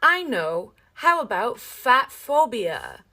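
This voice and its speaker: Slow-talking woman scolding the viewer. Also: a little high, huge pitch swings, sharp tone. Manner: scolding, lecturing. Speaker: clip speaker. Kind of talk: lecturing online video.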